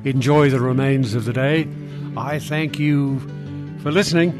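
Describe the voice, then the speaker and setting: A man hosting a talkback radio show in a dry, measured, unhurried way. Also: mid-range voice, fairly even intonation, music in the background. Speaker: radio host.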